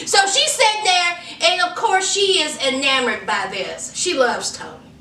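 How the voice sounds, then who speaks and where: Sassy high-voiced woman. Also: slow, pauses often, a little hiss or hum. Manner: sassy, animated, acts out quotes. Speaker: reality show reviewer. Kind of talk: casual commentary. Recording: echoey room, from far off.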